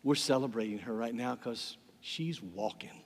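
An older man preaching a sermon as pastor, emphatic, repeating words and swinging from loud passages to quiet ones. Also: mid-range voice, normal speed. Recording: long reverb of a large hall.

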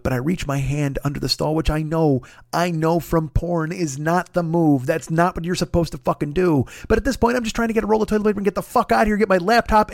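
A man's voice: high-pitched, no echo, clean studio sound. A man, a comedian and show host, telling a story in a profane, exasperated rant full of rhetorical questions. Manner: exasperated, swears constantly, rants with rhetorical questions. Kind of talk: profane comic storytelling monologue.

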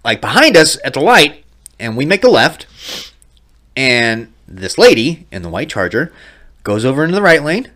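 A man's voice: mid-range voice, big pitch swings, normal speed, sharp tone. A man in his thirties, a podcast co-host, telling a profane story in casual chat with lots of laughter. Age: 30s.

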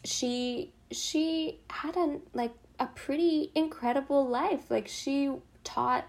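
Young female host, casual and effusive, slightly high pitch. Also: slow, vocal fry. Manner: expressive, lots of "like" and "oh my God". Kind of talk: casual chat.

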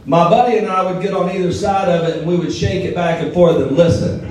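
A middle-aged man with a Southern drawl tells stories from a stage and jokes with the crowd. His voice sits a little high for a man. The sound is heard from some distance, in a big echoing hall with a faint hiss behind it. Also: moderate pace, few pauses, darkish tone. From southern Alabama. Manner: storytelling, joking with the audience. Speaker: guest speaker. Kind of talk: motivational speech. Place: large hall before a live audience.

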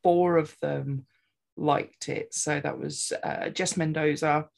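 A woman co-hosting a podcast, speaking slowly and playfully. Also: sits low, fairly even intonation, vocal fry, a little hiss or hum. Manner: slow, drawn-out, playful. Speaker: podcast co-host. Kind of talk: casual chat.

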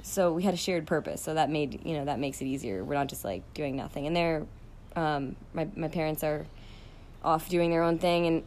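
A woman's voice: low voice, moderate pace, darkish tone, a little hiss or hum. A middle-aged woman hosting her own podcast, talking in an emotional, rambling way with many restarts and fillers. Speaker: podcast host. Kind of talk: casual personal podcast monologue.

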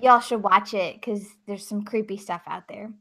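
A woman's voice: medium pitch, normal speed, pushed and bright. A woman co-hosting a casual chat, bubbly and playful. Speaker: podcast co-host and video creator.

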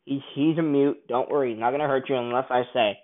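A man's voice: medium pitch, steady tone, fast, lightly acted. A man quoting a smug villain, tinny sound. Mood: reassuring. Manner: casual quoting.

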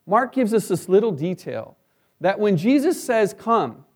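High-voiced man preaching conversationally. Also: very animated, normal speed, darkish tone. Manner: conversational preaching with frequent "right?" asides. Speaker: pastor. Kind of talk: sermon.

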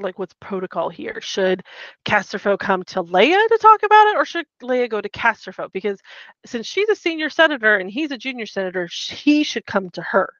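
A woman's voice: on the high side, no echo. A woman co-hosting a podcast, chatting casually through a recap and acting out the characters' lines with some swearing. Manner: animated, acts out quotes, swears casually. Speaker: podcast co-host. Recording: dull muffled mic.

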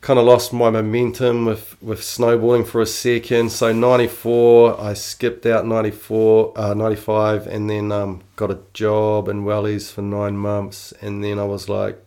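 A man's voice: lowish voice, completely flat delivery, normal speed, hardly any pauses, warm tone, clean tone. A middle-aged man with a New Zealand accent, telling stories in a casual, slangy interview, swearing freely. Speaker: interview guest. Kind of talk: casual storytelling.

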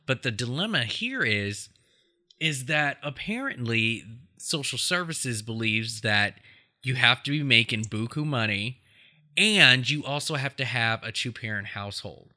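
Man, podcast host, very bright tense voice, chatty, loose filler-heavy talk, laughs easily. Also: medium pitch, expressive, unhurried. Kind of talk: casual film discussion.

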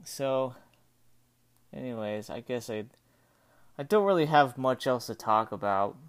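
A man recounts a strange night in a loose, rambling monologue. His voice sits at an ordinary middle pitch, and he stumbles and restarts as he goes, sounding a little rattled. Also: unhurried, clean tone. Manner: spooked, breathless retelling. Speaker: storyteller. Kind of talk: casual spoken story monologue.

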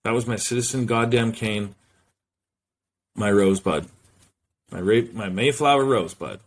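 A man's voice: lowish voice, moderate pace. A man hosting a solo podcast, rambling loosely from one thought to the next and swearing freely. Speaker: podcast host.

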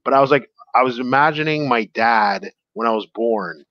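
A man's voice: medium pitch, moderate pace, no room sound, muffled recording. A man, a stand-up comedian guest, telling stories in a casual interview, rambling with fillers and restarts.

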